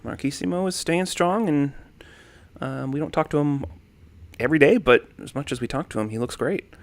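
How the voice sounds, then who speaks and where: A man's voice: fairly high pitch, moderate pace, no room sound. A young man hosting a casual livestream from home, chatting on a desk microphone and greeting viewers by name. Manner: laid-back, greets chatters by name, animated swings. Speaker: livestream host. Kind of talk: casual livestream chat reading comments. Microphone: desk condenser mic.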